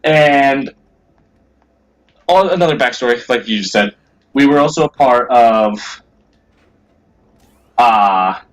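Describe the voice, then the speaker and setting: A man's voice: lowish voice, rough recording. A young man co-hosting a casual gaming video, rambling through a school story with many fillers. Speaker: co-host.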